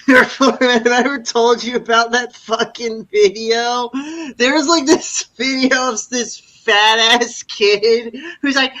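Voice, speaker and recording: A man's voice: very high voice, fairly even intonation, slow, sharp tone, low-quality recording. A man guesting on a casual livestream, chatting in an offhand, rambling way.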